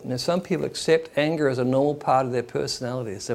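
A man's voice: medium pitch, fast, vocal fry, few pauses, a little mellow. A man preaching a sermon in a conversational way, acting out the people he quotes.

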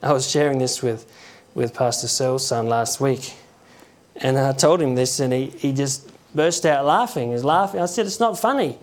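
Aussie guy giving a relaxed chatty sermon, stops and restarts a lot, mid pitch. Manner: conversational, halting, with chuckles and acted quotes. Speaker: preacher. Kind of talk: informal sermon.

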